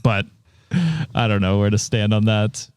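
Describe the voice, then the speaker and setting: Giggly low-voiced male podcaster, dry sound. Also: flat delivery, measured pace, clear, resonant tone, no room sound. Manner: rambling, giggly, many ums and uhs. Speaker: podcast co-host. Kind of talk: casual podcast chat.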